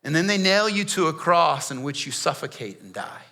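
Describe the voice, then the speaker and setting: With big pitch swings, vocal fry and a bright, forceful, heavily acted tone on the high side, the pastor moves at a moderate pace. He's in church voicing a defiant street-savvy prisoner, confiding his first-person story with casual, slangy remarks.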